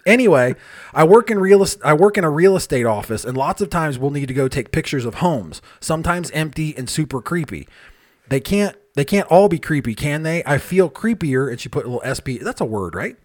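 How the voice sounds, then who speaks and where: A male podcast host with a lively, swinging voice, sounding like he's lounging with a beer. He reads listener mail in an offhand, joking way and drops casual swears. It's relaxed, unscripted podcast talk. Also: on the high side, fairly quick. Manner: loose, joking, swears freely, drinks beer while talking.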